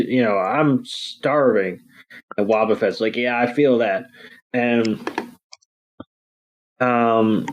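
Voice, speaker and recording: A man with a mid-range voice recaps a cartoon episode on a podcast. He talks slowly and unhurriedly, often pausing on fillers as he walks through the scenes. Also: medium pitch, poor audio. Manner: unhurried, hesitant with many fillers. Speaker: podcast co-host. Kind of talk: casual episode recap chat.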